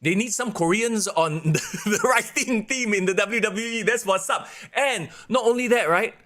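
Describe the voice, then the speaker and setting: A man's voice: sits high, normal speed. A man co-hosting a wrestling podcast in a casual, rambling chat full of fillers. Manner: animated, rambling, lots of fillers. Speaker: podcast co-host.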